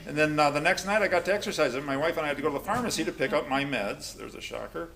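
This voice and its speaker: A man's voice: on the high side, racing, creaky, fairly bright tone. A man leading a recovery class, telling personal stories in a joking, conversational way and putting questions to the group.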